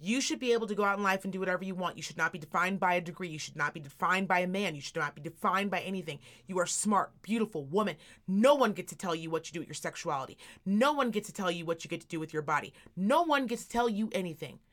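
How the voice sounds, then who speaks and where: A woman's voice: on the low side, lively intonation, fast, hardly any pauses, fairly bright tone. A woman in her thirties chatting casually as a podcast co-host, candid and full of profanity as she tells family stories. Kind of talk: casual chat.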